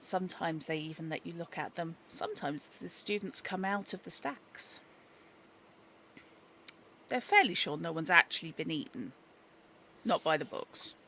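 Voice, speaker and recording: A woman runs a tabletop horror game, her voice bright and clear. She narrates wryly, slipping in dry jokes between "uh"s and "um"s. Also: lowish voice, lively intonation, slight background noise. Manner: wry, joking, halting with fillers. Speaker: game master.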